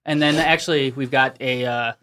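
A man hosts a comedy podcast and teases what is coming up next. His voice is bright and middle-pitched, with a playful edge. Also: fairly even intonation, normal speed. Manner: teasing, introduces segments. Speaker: podcast host running segments. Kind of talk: casual comedic banter.

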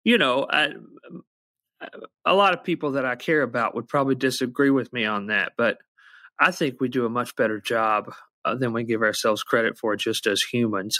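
A man's voice: mid-range voice, bright, forceful tone, no room sound. A wry, reflective man musician. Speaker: musician, guest. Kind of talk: casual podcast conversation.

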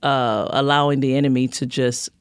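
A woman's voice: extremely low pitch, level tone, normal speed, clear, resonant tone, no room sound. Middle-aged woman, pastor, guest interview, earnest, repeats herself, dry booth sound. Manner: earnest, repeats words as she builds a point. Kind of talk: casual conversational interview.

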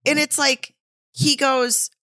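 A woman's voice: high-pitched, little pitch movement, slow pace, pushed and bright, no echo, studio quality. A woman co-hosting a podcast in casual chat, blunt and exasperated, swearing freely. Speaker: podcast co-host.

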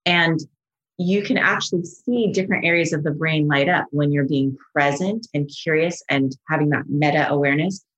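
A middle-aged woman psychologist talks as a podcast guest. Her voice sits a little low, and she explains gently and with enthusiasm. She often slips into soft, soothing quoted voices. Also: moderate pace, dull audio. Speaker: psychologist and mindfulness expert, guest.

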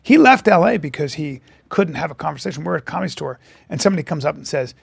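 A man in his fifties co-hosts a casual podcast chat, telling stories with energy and acting out what people said. His voice sits high and swoops widely, with a gravelly, husky edge. The sound is dry and close. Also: fast talker, no echo. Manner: animated storyteller acting out quotes. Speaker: podcast co-host.

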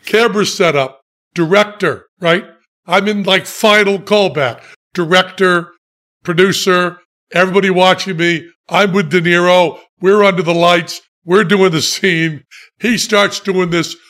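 A man spins a long, self-mocking anecdote in relaxed conversation. His voice sits high for a man and he takes his time, with dry, deadpan timing and his own laughter breaking in. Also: measured pace. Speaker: podcast guest telling stories. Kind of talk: casual storytelling chat.

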